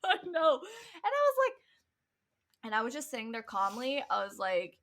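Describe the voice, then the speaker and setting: A woman's voice: high voice, very animated, unhurried, pauses often, a bit bright. A young woman co-hosting a podcast, telling a school story in casual chat, laughing often and acting out what people said. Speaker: podcast co-host.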